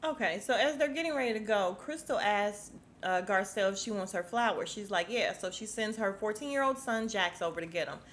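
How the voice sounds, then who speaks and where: A woman's voice: medium pitch, lively intonation, fairly quick, hardly any pauses, a bit bright, a little hiss or hum. Sassy, blunt woman podcaster. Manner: sassy, blunt, swears freely, acts out quotes with exaggerated voices. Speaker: podcast host reviewing a reality show. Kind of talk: casual recap chat.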